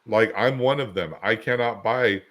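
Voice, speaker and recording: A man with a somewhat low voice co-hosting a podcast. He talks in a loose, rambling way, piling up anecdotes and everyday examples to make a point. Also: normal speed, fairly bright tone. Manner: rambling storyteller, chatty anecdotes. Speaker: podcast co-host. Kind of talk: casual conversational podcast.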